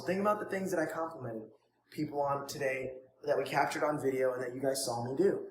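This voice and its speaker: A man coaching students on prospecting in an energetic, informal way, acting out sample conversations. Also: on the high side, quick pace. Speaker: network marketing trainer. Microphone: phone. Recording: echoey room, faint ambience, phone recording.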